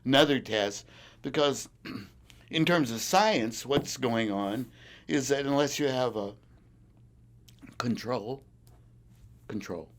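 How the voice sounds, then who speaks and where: Man, mid pitch, oral history interview, animated storyteller, chuckling, mimics voices, desk recorder. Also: slow. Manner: animated storyteller who acts out quoted voices; chuckles often while telling. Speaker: farmer interviewee.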